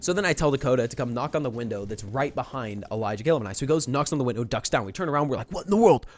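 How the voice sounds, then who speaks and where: A young man in a storytime vlog, retelling a prank in a rambling, animated way with many restarts. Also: medium pitch, rapid-fire. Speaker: vlogger.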